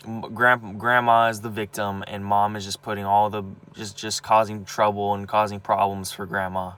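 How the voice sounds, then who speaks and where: A vlogger with a lowish, smooth, slightly bright voice vents about his family in a personal monologue. He's young, upset and agitated, swearing heavily and stumbling over his words with frequent restarts and repetitions.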